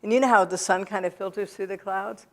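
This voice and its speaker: A woman speaking in a church, telling her own story to the audience in a halting way, with many pauses and fillers. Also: mid-range voice, steady tone. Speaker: guest speaker at a recovery event. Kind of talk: personal testimony to a church audience. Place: church sanctuary.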